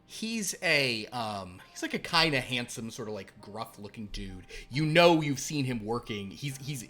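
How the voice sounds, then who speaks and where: A man's voice: medium pitch, very animated, unhurried, sharp tone, faint music behind. A man narrating as game master in a tabletop horror game, with a loose manner full of fillers.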